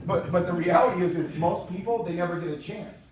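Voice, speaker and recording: Man in his fifties, rapid rallying sales pitch, raised voice, booming hall, distant mic. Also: background noise. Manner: energetic, repetitive, rallying the crowd. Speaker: company presenter. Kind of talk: motivational sales presentation. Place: large room with a live audience. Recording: very echoey hall, mic far off.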